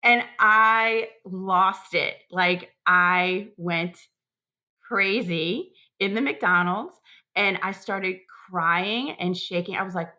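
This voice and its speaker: A woman in her thirties, a podcast guest, retelling a personal story in a lively way, acting out sounds and quotes. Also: mid-range voice, takes it slowly. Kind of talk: emotional storytelling.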